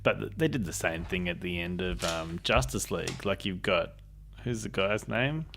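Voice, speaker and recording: A man with an Australian accent chatting casually as podcast co-host, rambling and halting, often restarting his sentences. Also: sits low, lively intonation, creaky, noisy background. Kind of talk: casual chat.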